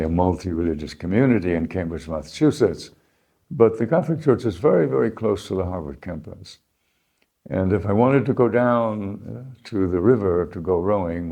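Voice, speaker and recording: An older American man telling his life story in an unhurried, reflective way, pausing and restarting as he remembers. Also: low voice, creaky, dark tone, slightly rough. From United States. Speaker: interviewee, founding principal.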